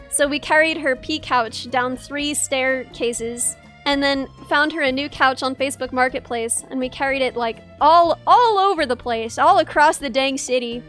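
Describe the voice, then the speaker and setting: Young woman rambling wry stories, high pitched, lots of likes. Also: moderate pace, fairly bright tone, soft background music. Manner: chatty, wry, lots of "like" and restarts. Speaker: streamer. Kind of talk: casual storytelling chat.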